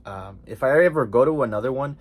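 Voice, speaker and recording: A man's voice: medium pitch, fairly quick. Chatty young male vlogger. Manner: excited, chatty, slangy with many fillers. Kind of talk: casual storytelling vlog.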